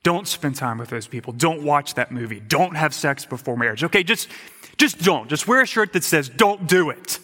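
A man preaching a sermon in an emphatic way, repeating words and dropping to quiet asides. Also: fairly high pitch, animated, moderate pace, big-room sound. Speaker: pastor.

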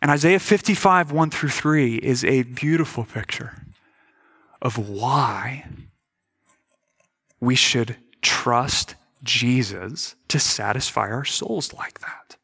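A man's voice: medium pitch, slow, a bit bright, husky. A man preaching a sermon as a pastor, earnest and questioning, often repeating words as he stresses a point.

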